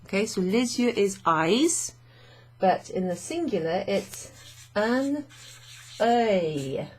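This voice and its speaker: A woman's voice: mid-range voice, sing-song, a little slow, breathy edge. A woman teaching French vocabulary to learners, chatty and thinking aloud with fillers and frequent little laughs.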